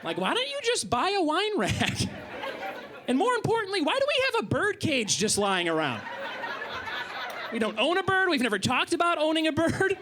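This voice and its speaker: A man's voice: very high-pitched, huge pitch swings, normal speed, crowd noise, background noise. A man doing stand-up on a comedy club stage, sarcastic and incredulous.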